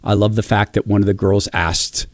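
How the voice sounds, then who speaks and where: A middle-aged man from Spokane in a reflective monologue, telling animated stories and acting out quoted voices. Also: on the low side, moderate pace, dry recording, clean studio sound. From Spokane, Washington, USA.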